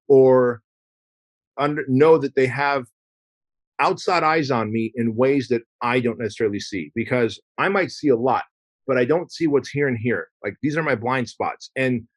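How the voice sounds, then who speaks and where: A man of ordinary pitch talking as a podcast guest, emphatic and loose, slipping into acted-out dialogue. The sound is close and dry, with no room around it. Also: dry recording. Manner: emphatic, acts out quoted dialogue, casual swearing. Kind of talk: casual conversational interview.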